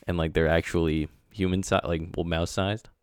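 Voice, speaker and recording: A man's voice: low voice, level tone, fairly quick, smooth, no room sound, clean studio sound. A man co-hosting a casual comedy podcast, laid-back, swearing casually and trailing off mid-thought. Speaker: podcast co-host.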